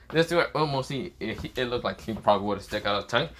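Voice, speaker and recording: Brief: man telling a fan story off the cuff, rambling, mid-pitched. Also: expressive, quick pace, a bit bright, slight background noise. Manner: rambling, many fillers and restarts, swearing. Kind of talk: casual improvised story narration.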